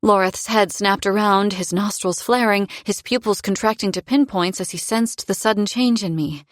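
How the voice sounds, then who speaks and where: A woman narrates a fantasy story in first person, in a middle-pitched voice with a measured, expressive delivery. The sound is dry and close, with no room around it. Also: no echo. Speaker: audiobook narrator.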